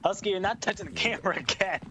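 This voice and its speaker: A man's voice: high-pitched, fast. A man gaming with friends in voice chat, panicky and swearing, repeating himself when scared. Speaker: gamer. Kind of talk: casual gaming banter.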